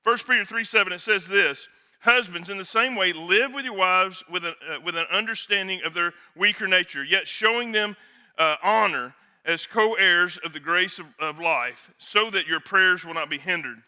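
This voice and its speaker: A middle-aged man, a pastor, preaching a sermon in a joking, conversational way with quick asides. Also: high voice, pushed and bright, clear, resonant tone.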